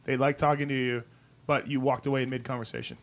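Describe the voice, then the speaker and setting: A man hosting a casual radio show, firing quick questions and laughing along. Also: mid-range voice, level tone, slight background noise. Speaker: host.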